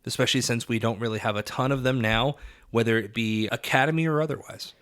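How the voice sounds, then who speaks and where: A man's voice: medium pitch, fast talker, fairly bright tone. Man casually co-hosting a film-history podcast. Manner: conversational, thoughtful, with fillers. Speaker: podcast co-host.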